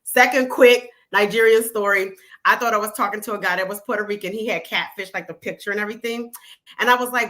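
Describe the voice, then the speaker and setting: A woman guest telling frank, animated stories in casual chat, quick to laugh. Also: mid-range voice. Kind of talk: casual storytelling.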